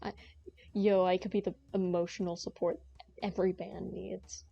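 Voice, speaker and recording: A woman's voice: fairly low pitch, little pitch movement, moderate pace, gravelly, dark tone, faint music behind. A young woman streaming a game, chatting in a playful, rambling, joking way to her viewers. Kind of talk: casual gaming stream chat. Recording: dull lo-fi stream audio.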